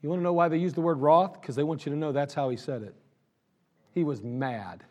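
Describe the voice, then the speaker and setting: Male pastor, high pitched, fervent sermon delivery with big dynamic swings. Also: fairly quick. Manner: emphatic, swings from loud exhortation to low intimate talk.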